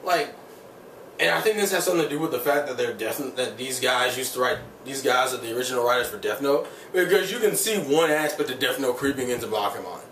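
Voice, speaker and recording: A man's voice: medium pitch, animated, fast, fairly bright tone, slight background noise. A man giving a casual, rambling spoken review of an anime episode, heated and profane, with many fillers. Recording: roomy sound from a distant mic, faint ambience.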